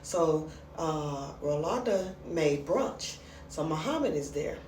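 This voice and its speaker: A woman chatting casually as she recaps a comedy skit, acting out the lines in lively voices. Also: deep voice, slow, far from the mic, slight background noise. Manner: chatty, retells scenes with animated quoted voices. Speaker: reaction commentator. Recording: roomy sound from off the mic.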